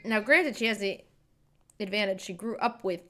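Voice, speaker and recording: A woman's voice: medium pitch, normal speed, sharp tone, faint music behind. A woman streamer chatting casually and rambling as she reacts to videos. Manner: chatty, rambling, self-deprecating.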